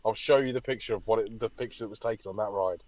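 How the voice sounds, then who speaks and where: A man co-hosting a podcast, telling a story in an animated way and swearing freely. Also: lowish voice, quick pace, dry recording, dull audio. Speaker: podcast co-host. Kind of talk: casual chat.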